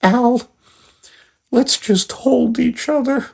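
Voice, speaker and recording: A man voicing Margaret, a fussy, emotional woman, in a high, melodramatic sketch voice. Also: takes it slowly, creaky, a little mellow, breathy edge, heavily acted. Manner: high, fluttery and melodramatic, with rising swoops.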